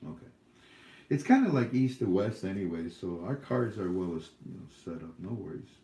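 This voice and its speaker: A man's voice: deep voice, very animated, moderate pace, warm tone, roomy sound. A man hosting a casual livestream Q&A, rambling and joking with frequent laughs. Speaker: livestream host.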